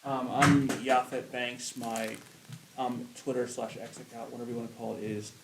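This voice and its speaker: A man speaking as a guest in a casual group podcast, halting and full of fillers. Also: mid-range voice, level tone. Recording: echoey room, faint hiss.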